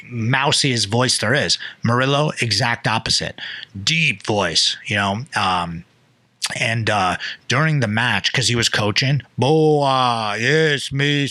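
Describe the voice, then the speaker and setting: A young man casually telling a loose, profane story on a podcast, jumping into quick impressions of people. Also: medium pitch, sharp tone, dry recording.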